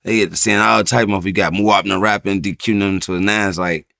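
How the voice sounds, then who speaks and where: A rapper from Chicago talking bluntly and profanely in a casual interview, telling stories with laughs. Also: male voice, on the low side, fairly even intonation, brisk, vocal fry, pushed and bright, no echo, clean studio sound.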